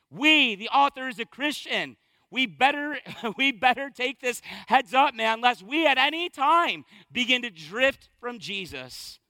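A man preaching with a strikingly high, bright voice. He speaks emphatically and conversationally, stacking short repeated phrases. The sound is dry and close. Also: no room sound. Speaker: pastor. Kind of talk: sermon.

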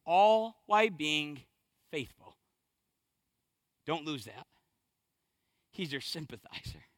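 A man preaching a sermon as pastor, impassioned, swinging from hushed to loud. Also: a little high, animated, takes it slowly, no echo.

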